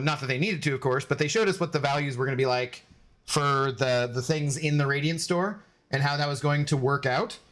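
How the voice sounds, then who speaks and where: Slightly high-voiced guy streaming a game, rambly, chatting w/ viewers and reading chat. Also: a bit bright. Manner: high, scolding baby talk to his dog. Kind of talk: casual live-stream chat.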